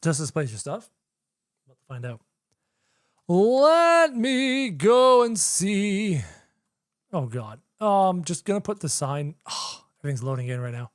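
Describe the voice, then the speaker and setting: A young adult streamer narrates a live game session, chatting with viewers and repeating phrases as they work things out. The voice swings widely in pitch and sounds close and dry, with no room around it. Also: expressive, fairly quick, darkish tone, dry recording. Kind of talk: live gameplay commentary.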